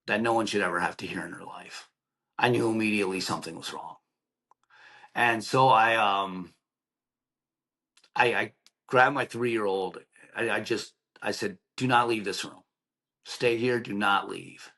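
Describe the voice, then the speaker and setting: A man in his thirties, a podcast guest, telling a painful personal story in a halting, emotional way with many restarts. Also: lowish voice, bright, forceful tone, low-quality recording.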